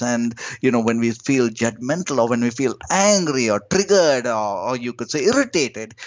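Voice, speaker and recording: A man speaking as a spiritual teacher and podcast guest. He teaches slowly and emphatically, lifting and dropping his voice in pitch and loudness from phrase to phrase. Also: no echo, lo-fi sound. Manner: slow, emphatic, lilting with sudden rises and drops in pitch and loudness.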